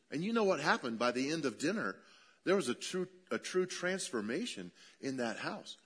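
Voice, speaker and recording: Middle-aged male pastor, animated sermon delivery, acts out quoted voices with a wide swing in pitch and volume. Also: moderate pace, husky.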